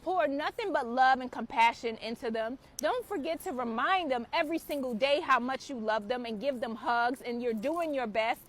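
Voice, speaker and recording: A woman's voice: sits high, normal speed, hardly any pauses. A woman hosting her own spiritual channel, giving an impassioned, preachy talk to camera and swearing freely. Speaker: spiritual author and channel host.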